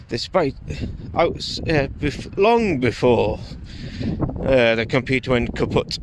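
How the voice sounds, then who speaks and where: Slow, rambling man outdoors in wind. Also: mid-range voice. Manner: rambling, hesitant, many fillers. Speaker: vlogger. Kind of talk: casual vlog chat. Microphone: phone. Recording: heavy wind noise on phone mic.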